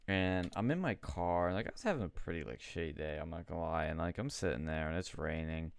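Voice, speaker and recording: A man's voice: deep voice, lively intonation, fast, gravelly, clear, resonant tone, dry recording. A young man hosting a casual chat show, telling a story with lots of swearing and laughter.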